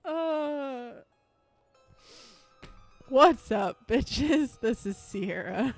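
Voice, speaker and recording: A woman's voice: sits high, animated, extremely slow, no room sound, faint music behind. A young woman co-hosting a casual true-crime podcast, giggly and rambling, swearing freely. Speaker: podcast co-host.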